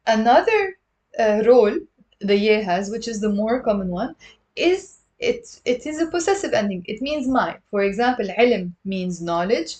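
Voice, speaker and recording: A woman's voice: a little high, expressive, moderate pace, a little mellow. Patient woman teaching a live language lesson. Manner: patient, explains step by step and drills pronunciation; answers viewer questions from live chat. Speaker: online Arabic teacher.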